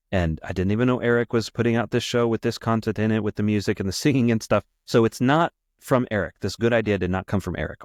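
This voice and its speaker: A man's voice: on the low side, no room sound, clean studio sound. A middle-aged man from the United States casually telling a personal story as a podcast host, rambling and often repeating and correcting himself.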